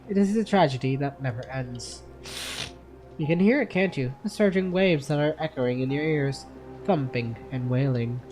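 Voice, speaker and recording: A gamer reading as a hooded girl guide from a game story, calm, solemn, soft and measured, mellow tone, faint music behind. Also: medium pitch, lightly acted. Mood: hushed mysterious.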